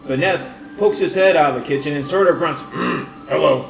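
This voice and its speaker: A man as dungeon master, narrating scenes in a halting, descriptive way. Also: a little high. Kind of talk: narrating a tabletop game. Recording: echoey room, distant mic, faint music.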